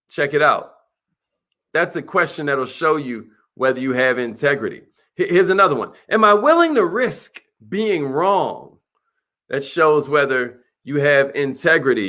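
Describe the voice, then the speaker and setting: A man's voice: fairly high pitch, pushed and bright. A man giving an emphatic motivational talk, repeating questions and hyping up his listeners. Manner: emphatic, repetitive, hyped, calls listeners millionaires. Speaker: motivational speaker.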